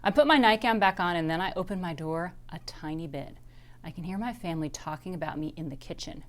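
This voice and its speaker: A woman reading a children's chapter book aloud, expressive in her delivery. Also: fairly low pitch, brisk, a little hiss or hum. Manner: expressive, animated. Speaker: reader.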